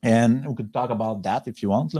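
A French-accented software company executive presents a webinar over a video call in a mid-range voice. His delivery is halting, with many pauses and restarts.

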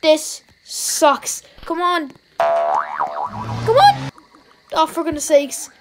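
Excitable Irish woman narrating gameplay. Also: high-pitched, drawn-out words, background noise. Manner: talks to herself, jumpy excited reactions. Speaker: YouTuber playing a game. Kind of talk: let's-play gameplay commentary.

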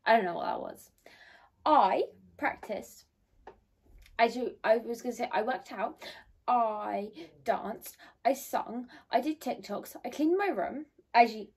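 A young woman rambles to her phone camera from her bedroom, bubbly and chatty. Her voice sits a little high. She speaks, close to a phone propped on a ring light. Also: a little mellow. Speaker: vlogger. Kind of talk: casual chat to camera. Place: bedroom at home.

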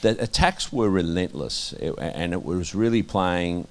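An Australian man sharing candid testimony in an interview, earnest and halting, with many restarts and a voice that drops soft at times. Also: low-pitched, animated. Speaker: interviewee, minister.

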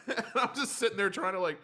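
A man hosting a podcast, telling a funny story in a casual, animated way. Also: high voice, fairly quick. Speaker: podcast host.

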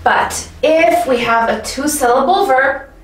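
A woman teaching an English grammar lesson in a clear, patient way, often checking in with the viewer. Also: high-pitched, unhurried, echoey room, distant mic, poor audio.

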